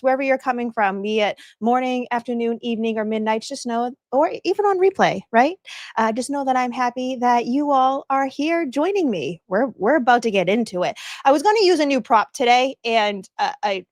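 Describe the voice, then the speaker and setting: A woman's voice: fairly high pitch, animated, fairly quick, dry recording, clean studio sound. A woman hosting a casual livestream, bubbly and chatty, greeting viewers by name and laughing often. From northeastern United States. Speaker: livestream host.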